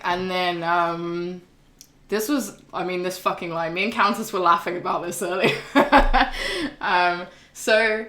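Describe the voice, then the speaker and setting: A woman's voice: lowish voice, fairly even intonation, takes it slowly, pushed and bright, roomy sound. Chatty, sweary young woman. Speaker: streamer. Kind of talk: casual chat.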